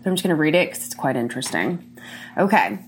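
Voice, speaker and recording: A woman's voice: low-pitched, sing-song, quick pace, slight background noise. A woman hosting a commentary show, ranting bluntly and indignantly, swearing often.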